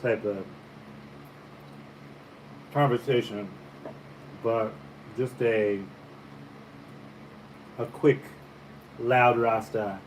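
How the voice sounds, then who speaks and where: A man from the Caribbean, a painter, chatting casually over breakfast in a relaxed, musing storytelling way. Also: medium pitch, very slow, long pauses, poor audio. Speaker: painter and vlogger. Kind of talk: casual breakfast vlog chat. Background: faint fan hum.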